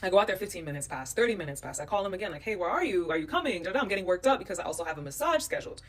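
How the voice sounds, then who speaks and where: Woman, vlog storytelling, animated, acts out quotes, slightly low voice. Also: rapid-fire, distant mic. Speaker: vlogger recounting a trip.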